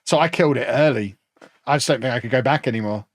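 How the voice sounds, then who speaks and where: A man's voice: mid-range voice, quick pace, dry recording, studio quality. A man from England, chatting casually and joking with his chat while streaming a football management game. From Peterborough, England.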